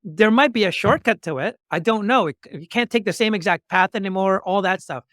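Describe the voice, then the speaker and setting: A man's voice: sits high, fairly quick, no room sound, studio quality. A man hosting a talk show, telling stories with acted-out dialogue and speaking in motivational metaphors. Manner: acts out both sides of remembered dialogues with lively shifts. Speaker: podcast host. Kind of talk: animated storytelling in conversation.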